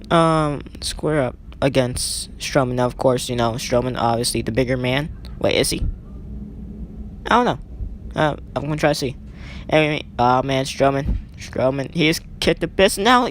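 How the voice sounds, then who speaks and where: A man's voice: mid-range voice, a little hiss or hum. Chatty young man calling game wrestling. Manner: rambling, self-correcting, chatty asides. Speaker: play-by-play commentator. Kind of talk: casual video game commentary.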